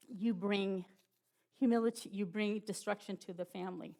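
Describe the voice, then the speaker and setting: Gravelly-voiced woman giving a halting testimony. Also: medium pitch. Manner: halting, with many fillers and restarts, emotional. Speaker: church speaker giving testimony. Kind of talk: personal testimony.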